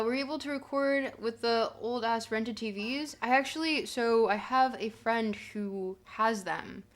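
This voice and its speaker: A woman's voice: fairly high pitch, a bit bright. A young woman streaming live, chatting casually, bubbly and giggly as she gushes thanks to her viewers. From Canada.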